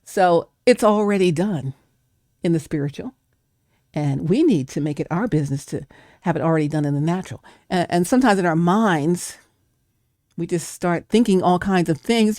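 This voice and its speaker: A woman's voice: fairly low pitch, moderate pace, darkish tone, no room sound, clean studio sound. A woman giving an emphatic, preacher-like faith talk, acting out doubting voices. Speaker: guest speaker.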